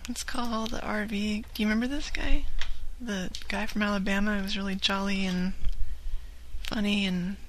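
A woman's voice: mid-range voice, steady tone, normal speed, a bit bright, slight background noise, poor audio. A woman co-hosting a prank call podcast who runs the show in easygoing, casual banter.

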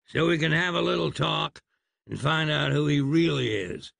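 A man's voice: on the high side, moderate pace, creaky, a bit bright, exaggerated voice. A man voicing a sly, scheming middle-aged frontier cowboy who talks in a folksy drawl.

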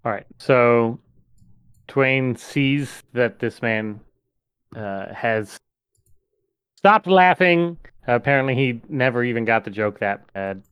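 A man's voice: mid-range voice, lively intonation, slow pace, fairly bright tone, smooth, no echo. A man playing a tabletop game, hesitant and full of fillers as he plans his character's moves. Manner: hesitant, many fillers while planning. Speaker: player.

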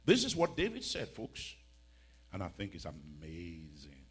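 A man preaching a sermon, swinging from hushed storytelling to loud emphatic cries and repeating lines for effect. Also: deep voice, wildly swooping pitch, measured pace, husky.

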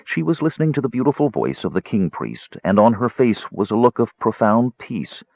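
A man narrating an audiobook in an expressive, measured reading. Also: medium pitch, gravelly, husky, dry recording. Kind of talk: scripted narration. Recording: slightly muffled audio.

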